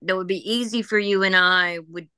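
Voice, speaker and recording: A woman leading a psychic reading talks in an easy, chatty way, laughing often and relaying what she hears. Her voice is bright and forward. The recording is close and dry. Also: medium pitch, normal speed, clear, resonant tone, no room sound. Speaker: psychic medium. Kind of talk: group reading session.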